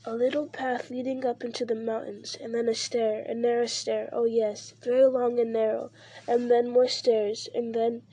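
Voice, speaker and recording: A woman's voice: a little high, little pitch movement, warm tone, slightly rough. A woman reading aloud and voicing a wretched, sly male creature who hisses and wheedles. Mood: whispering. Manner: hissing, wheedling, slow.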